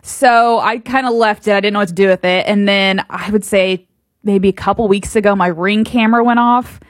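A woman's voice: medium pitch, steady tone, normal speed, no echo, studio quality. Matter-of-fact female radio co-host. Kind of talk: casual talk radio chat.

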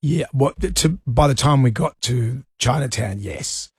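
A man's voice: medium pitch, unhurried, breathy edge, no echo, studio quality. A middle-aged Australian man hosting a radio show, telling a rambling story in casual chat. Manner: rambling anecdotes with laughs. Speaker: radio host.

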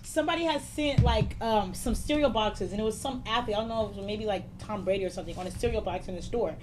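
A young woman in casual chat, telling an expressive story and acting out what others said. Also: mid-range voice, quick pace, noisy background. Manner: expressive, acts out quotes with laughter. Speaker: panelist.

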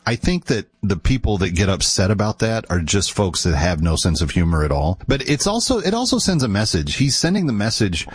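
A man's voice: medium pitch, husky, no room sound. A man from the United States giving casual, opinionated commentary in a wry, amused manner. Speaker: political commentator.

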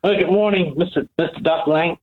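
A hesitant male caller speaks in a fairly high voice, halting and repeating his words. He comes through a thin, tinny phone line, as on a call-in radio show. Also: steady tone, husky.

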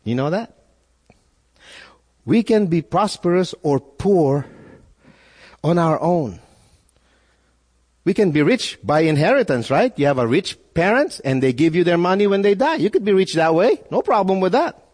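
Preaching in a large hall with a long echo, a male pastor speaks in a slightly high, darkish voice with big, animated pitch swings. He is unhurried and pauses often, earnestly stacking rhetorical questions and repeating himself to drive a point home.

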